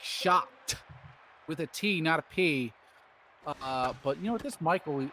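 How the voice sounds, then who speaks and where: A man's voice: a little high, expressive, measured pace, pauses often, bright, forceful tone, slight background noise. A man doing rambling, jokey play-by-play commentary on a baseball video game stream.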